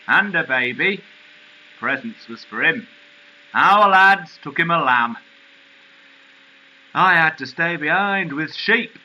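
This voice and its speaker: A man voicing a plain-spoken male sheepdog with a Northern English accent, telling his story slowly. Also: fairly high pitch, sharp tone, lo-fi sound, a little hiss or hum, heavily acted. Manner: slow, homely storytelling.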